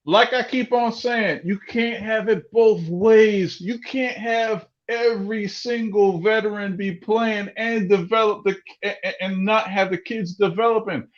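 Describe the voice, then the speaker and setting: A man's voice: sits high, steady tone, measured pace, few pauses, highs cut off. A man arguing hard about basketball in a heated podcast debate, often repeating himself. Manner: loud, ranting, repeats words. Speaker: podcast co-host.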